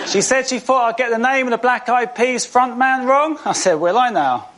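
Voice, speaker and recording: A male comedian on a TV stage delivering deadpan one-liners. His voice is very high, and there is loud noise behind him. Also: normal speed. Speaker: stand-up comedian. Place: TV studio stage.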